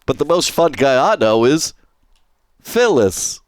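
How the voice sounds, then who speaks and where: A man's voice: medium pitch, very animated, slow, background noise. A man streaming live, chatting casually and jokily with his chat. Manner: playful, jokey, talks to chat.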